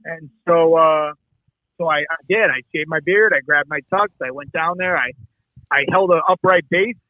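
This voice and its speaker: A middle-aged man from the Midwest, telling a story as an interview guest in an animated, casual way, acting out dialogue and swearing freely. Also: fairly high pitch, moderate pace, no room sound. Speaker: actor and producer guest. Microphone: remote call. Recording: dull lo-fi call audio.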